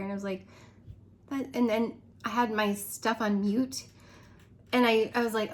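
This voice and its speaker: A woman's voice: on the high side, normal speed. A woman chatting casually to her viewers in a rambling way, laughing often and going off on asides. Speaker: direct sales consultant. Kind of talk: casual vlog chat.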